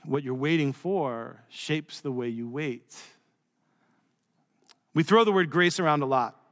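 A man's voice: on the high side, a little slow. Man preaching in a reverberant hall. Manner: conversational preaching with joking asides, dropping soft for emphasis. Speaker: pastor. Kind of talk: sermon.

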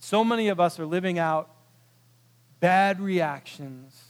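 A man preaching a sermon, telling a story with animated quoted voices, swinging from loud bursts to hushed, quiet moments. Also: sits high, measured pace, smooth. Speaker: pastor. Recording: long hall reverb.

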